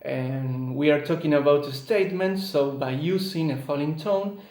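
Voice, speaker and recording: A man student giving a read-aloud academic presentation, measured and hesitant, pausing often with fillers. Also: fairly high pitch, a little mellow, roomy sound, rough recording.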